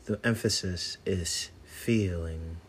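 A man hosting a podcast, guiding listeners through a breathing exercise with soft, repeated affirmations. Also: deep voice, a little hiss or hum. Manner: soft, slow, repetitive and soothing. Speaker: podcast host leading a healing exercise. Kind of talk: guided meditation with affirmations.

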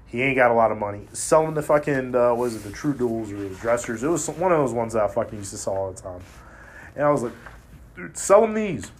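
A man talking in a casual chat, blunt and profane, telling animated stories as a podcast host. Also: medium pitch, fast.

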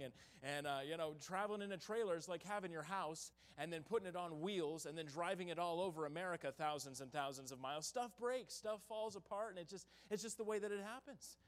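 A man who is a traveling evangelist, preaching a sermon in a church in a folksy storytelling way, with loud bursts and hushed stretches. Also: high voice, fast talker, few pauses. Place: church sanctuary.

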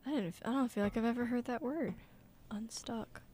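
A woman thinking out loud in casual podcast chat. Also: a little high, rapid-fire.

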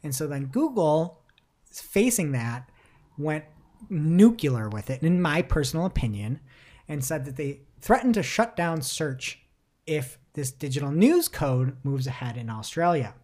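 A woman co-hosting a casual marketing podcast, animated and laughing, putting on mock voices when she quotes people. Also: low voice, unhurried. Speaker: podcast co-host. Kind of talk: casual chat about search marketing news.

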